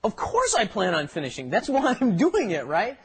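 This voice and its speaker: A man's voice: sits high, huge pitch swings, moderate pace, husky. A man co-hosting a language lesson, explaining phrases in a chatty way and laughing as he goes. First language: English. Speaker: co-host of a Korean lesson podcast.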